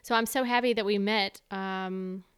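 A woman's voice: mid-range voice, steady tone, measured pace, fairly bright tone, clear, resonant tone, no echo. A young adult woman hosting a podcast at her home, talking in a bubbly, casual way with many fillers. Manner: bubbly, lots of "like" and "you know". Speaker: podcast host. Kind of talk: casual interview chat.

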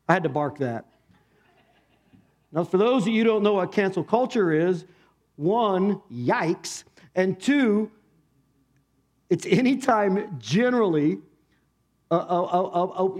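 High-voiced man preaching a lively sermon. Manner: animated, asks the congregation rhetorical questions. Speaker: pastor. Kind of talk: conversational sermon. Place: church, speaking to a congregation.

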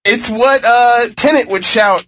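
A man with a high, bright, forceful voice hosts a relaxed podcast panel. He runs the rounds of votes and muses aloud about his picks. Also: measured pace. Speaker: podcast host. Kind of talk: casual panel chat.

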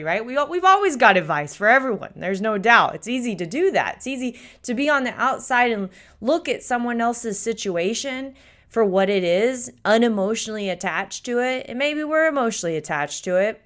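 A woman hosting a talk show, chatting casually and telling a joke with animated energy. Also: medium pitch. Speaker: radio show host.

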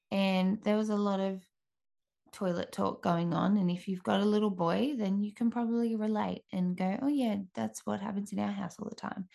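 A woman who hosts a podcast, giving an earnest faith-based encouragement talk with frequent restarts and pauses. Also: mid-range voice, vocal fry, darkish tone. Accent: Australian. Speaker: podcast host.

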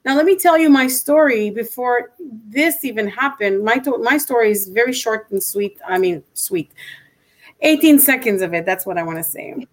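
A woman, a motivational speaker and interview guest, telling her personal story in an animated, emphatic way and acting out the dialogue she recalls. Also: on the high side, normal speed. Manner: animated and emphatic, acts out quoted dialogue, frequent restarts.

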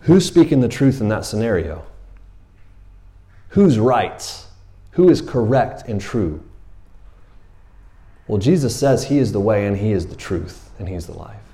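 A man's voice: lowish voice, big pitch swings, measured pace, long pauses, dark tone. A man preaching a sermon in church, casual and joking, acting out Bible characters in a raised voice. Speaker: pastor.

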